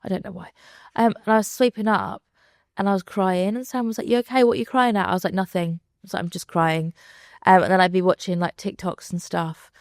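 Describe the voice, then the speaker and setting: Her voice sits on the lower side, fairly even in intonation and fairly quick, captured in clean studio sound with no echo. She's a podcast guest in her thirties, candid and chatty, filling her talk with fillers and performing what others said to her.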